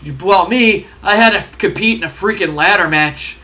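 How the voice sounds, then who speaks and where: A man's voice: sits high, moderate pace, sharp tone. A man imitating an arrogant male wrestler who mocks his rival in a sneering tone. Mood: mocking. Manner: mocking, sneering.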